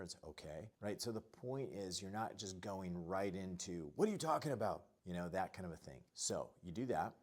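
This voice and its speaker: A man who works as a relationship coach, teaching men in an earnest, direct talk to the camera while writing on a board. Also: sits low.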